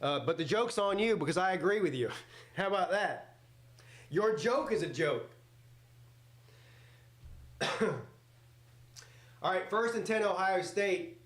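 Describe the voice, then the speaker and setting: Guy yelling at a football game on a live stream, cussing, talking back to chat, kinda high voice, roomy echo. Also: animated, slow pace, pauses often. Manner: loud, joking, swears freely, talks back to chat. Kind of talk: casual live reaction commentary.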